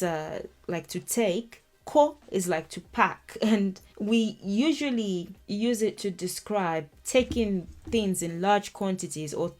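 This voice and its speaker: Explaining a song's lyrics one word at a time, this woman leads a language lesson in a lively, informal manner with frequent laughter. Her voice is on the low side.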